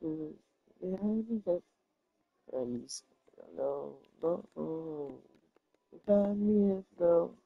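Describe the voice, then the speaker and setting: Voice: medium pitch, lively intonation, drawn-out words, vocal fry, pauses often, no room sound. A gaming YouTuber giving casual gameplay commentary, swearing, trash-talking the game and muttering asides. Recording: dull lo-fi recording.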